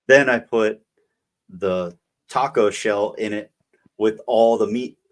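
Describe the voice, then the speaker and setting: A man's voice: on the low side, slow. A young man co-hosting a podcast, telling a long story in casual chat full of fillers. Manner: rambling, filler-heavy storytelling. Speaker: podcast co-host.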